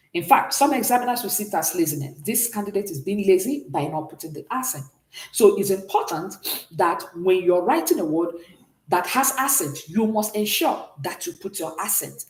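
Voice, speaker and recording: Female language teacher, animated delivery in a roomy space, keeps asking if the class is following. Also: fairly low pitch. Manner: explanatory, checks understanding often. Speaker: French teacher. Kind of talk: classroom lesson.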